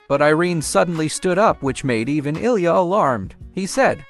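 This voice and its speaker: Man, comic recap narrator, animated storytelling, faint background music. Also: on the high side, normal speed, hardly any pauses.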